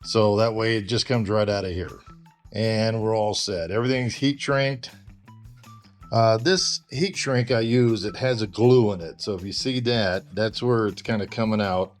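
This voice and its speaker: A man giving a casual, halting how-to walkthrough of wiring his trailer, slightly out of breath. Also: on the low side, steady tone, soft background music. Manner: plain, halting, lots of "uh". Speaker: RV owner doing a DIY install. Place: travel trailer and its storage bay, hot weather.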